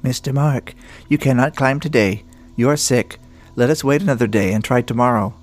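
A man voicing a gentle male mountain guide who speaks in polite, earnest warnings. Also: medium pitch, normal speed, soft background music, natural voice. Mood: concerned.

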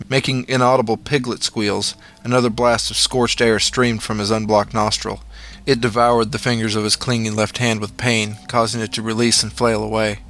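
A man reading a horror story aloud in a measured, dramatic storytelling manner. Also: lowish voice, a bit bright. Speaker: narrator. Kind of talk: scripted horror story narration.

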